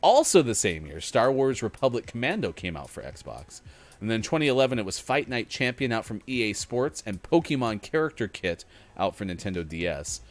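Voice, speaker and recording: A man's voice: fairly low pitch, sing-song, fairly quick. A man hosting a gaming morning show, joking and rambling between readings of a gaming history list. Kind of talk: casual chat.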